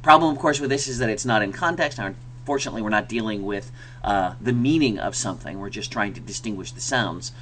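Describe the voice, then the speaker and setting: A man's voice: lowish voice, fast, fairly bright tone, a little hiss or hum. A man giving a conversational mini lecture as an ESL teacher, with many fillers, who sounds out example words aloud.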